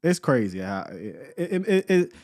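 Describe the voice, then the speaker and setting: A man's voice: mid-range voice, big pitch swings, unhurried, darkish tone. Laid-back man hosting a sports show. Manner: loose, laughing, repeats words. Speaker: sports podcast host. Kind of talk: casual live-stream chat.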